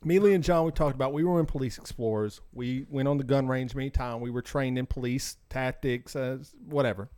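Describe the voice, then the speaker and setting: A young adult man co-hosting a casual podcast, talking in an animated, exclaiming way and acting out quoted voices. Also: medium pitch, brisk, few pauses, clean tone. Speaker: podcast co-host.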